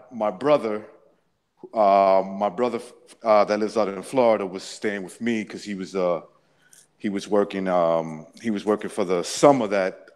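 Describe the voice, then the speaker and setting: A man casually recounting a personal story, rambling with many restarts and frequent swearing. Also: lowish voice. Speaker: interviewee.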